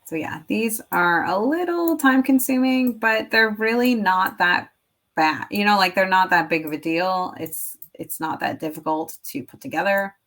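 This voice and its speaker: A woman's voice: medium pitch, moderate pace, fairly bright tone. A young woman making classroom activities, chatting casually to viewers and rambling as she thinks aloud, with filler words and the odd whisper. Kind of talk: casual work-with-me chat.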